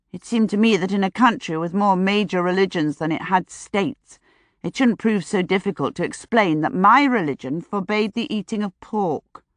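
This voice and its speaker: A woman reading a novel aloud in a measured, wry first-person audiobook narration. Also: medium pitch, no room sound.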